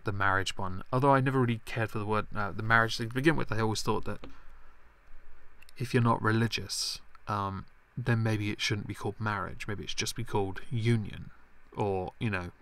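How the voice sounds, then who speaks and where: A man's voice: lowish voice, fairly even intonation, a little fast, a bit bright. A man hosting a live stream, chatting about politics in a rambling, sarcastic way with self-deprecating asides. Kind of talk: casual political commentary stream.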